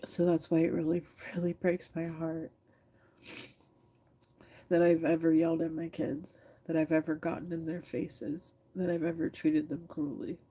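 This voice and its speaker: Warm and husky, a low-voiced woman in her thirties keeps a level tone at a moderate pace. Teary but frank, she livestreams from her phone camera, reading the chat, swearing openly and talking back to viewers.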